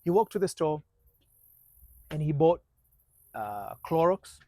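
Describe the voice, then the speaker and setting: With a sing-song delivery, a man whose voice sits somewhat high shares a motivational story as a marriage coach. He halts and restarts frequently, sinking almost to a whisper at tense moments, and the recording is dry without echo.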